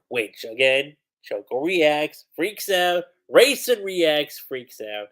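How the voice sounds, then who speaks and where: A man chatting on a livestream with a lively voice that swoops up and down. He takes his time, speaking at an unhurried pace. He is excitable and peppers his talk with "like.". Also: a little high. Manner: excitable, animated, full of "like" fillers, breaks into laughter. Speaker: manga reviewer on a livestream. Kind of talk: casual livestream commentary.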